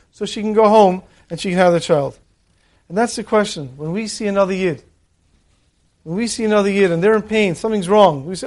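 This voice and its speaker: High-voiced man telling a story sermon. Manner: animated storyteller acting out characters' voices. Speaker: rabbi. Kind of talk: sermon with told stories.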